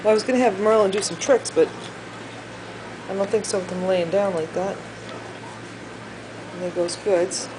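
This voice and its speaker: A woman's voice: mid-range voice, fairly even intonation, normal speed, pauses often, noisy background. A mother at home talking to her pets in a sing-song baby-talk voice, filming a casual home video.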